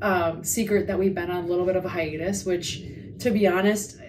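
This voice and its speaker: A woman co-hosting a casual podcast chat remotely, excitable and swearing freely, with a slight lisp from her retainers. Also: lowish voice, fairly quick, far from the mic, noisy background. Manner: excitable, swears, heavy use of "like". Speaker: podcast co-host. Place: remote, away from home studio.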